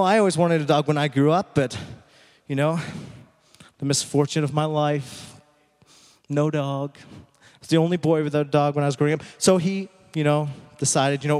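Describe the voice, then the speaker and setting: A man giving a sermon as a pastor, telling a story slowly and emphatically, dropping at times to a near whisper. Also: a little high, darkish tone. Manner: dramatic storytelling, slow emphatic pauses, drops to near whisper. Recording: echoey hall.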